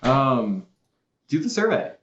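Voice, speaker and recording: A man's voice: medium pitch, very animated, slow, a little hiss or hum. A man co-hosting a casual chat, dropping dry, teasing one-liners. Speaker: co-host. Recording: roomy, dull lo-fi sound.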